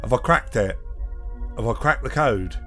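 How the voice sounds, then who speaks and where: At a moderate pace and with lively intonation, a medium-pitched gaming host reacts to a horror game. He's profane and easily spooked, gasping and shouting in panic while faint game music plays.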